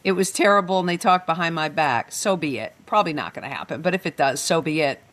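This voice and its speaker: A woman hosting a panel conversation, with a slightly low voice. She is upbeat and encouraging, and she keeps the conversation moving toward its close. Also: fast, a bit bright. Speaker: podcast host.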